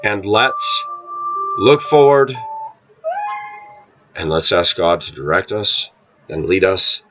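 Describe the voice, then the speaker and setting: Deep-voiced man rambling a personal story. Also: animated, slow pace, fairly bright tone, lo-fi sound, faint music behind. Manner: rambling storytelling, frequent throat clearing. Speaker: vlogger. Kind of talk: casual monologue to camera.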